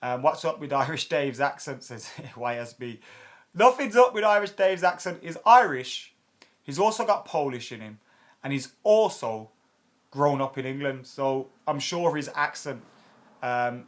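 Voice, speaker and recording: A man in his late twenties hosting a football fan channel, casually answering viewer comments in a chatty, blunt way with lots of fillers and some swearing. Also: medium pitch. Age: 20s.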